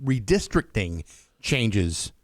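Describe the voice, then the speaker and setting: A man's voice: on the low side, sing-song, slow, dry recording, clean studio sound. A man co-hosting a morning radio show, chatting casually and reading a news item, sometimes stumbling over his words. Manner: stumbling restarts. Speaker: radio co-host and newsreader. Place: radio studio. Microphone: studio mic.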